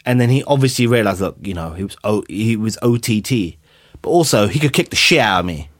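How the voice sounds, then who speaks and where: A man chatting on a podcast, telling lively stories, swearing freely and acting out what people said. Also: lowish voice, fairly quick, no echo, studio quality. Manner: animated storyteller, swears freely, acts out quotes. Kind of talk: casual chat.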